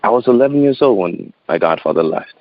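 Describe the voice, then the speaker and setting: A very low-pitched man in his thirties recounts a personal story as an interview guest, speaking outdoors. His delivery is earnest and halting, with repeated words and frequent laughs. The sound is dull and dry, like a lo-fi line. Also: animated, dry recording. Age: 30s.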